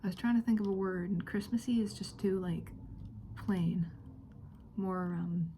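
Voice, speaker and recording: A woman whispers through a friendly role-play as a friend hosting a visit, giggling and rambling in casual chat. Her medium-pitched voice is warm and unhurried, with a little hiss or hum in the background.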